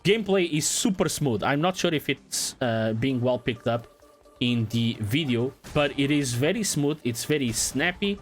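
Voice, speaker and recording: A man giving casual let's-play commentary in a relaxed, playful way, swearing now and then. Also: mid-range voice, normal speed, faint music behind. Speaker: gaming channel host.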